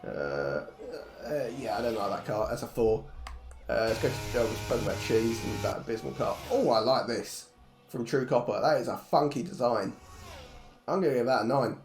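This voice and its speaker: Lively, jokey male race commentator. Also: mid-range voice, normal speed. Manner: jokey, blunt, swears freely. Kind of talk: live esports race commentary. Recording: roomy echo, faint music behind.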